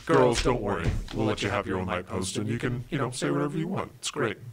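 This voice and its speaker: A man's voice: lowish voice, animated, fast talker, a crowd in the background. A young man leading a jokey announcement video for a youth sleepover, mock-serious and laughing. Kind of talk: casual joking announcement video.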